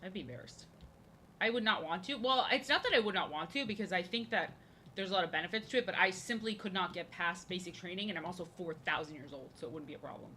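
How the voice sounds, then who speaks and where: A woman's voice: fairly low pitch, fast talker, bright, forceful tone, slight background noise. A woman streaming as she draws, chatting casually in a rambling, jokey way and repeating her phrases. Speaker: live-streaming artist. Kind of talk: casual chat while drawing on stream.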